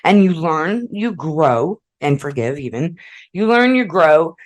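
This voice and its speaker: A woman's voice: low-pitched, big pitch swings, takes it slowly, rough recording. A woman hosting a relationship advice podcast, mixing read passages with blunt, profane asides and frequent "okay?" check-ins. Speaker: podcast host.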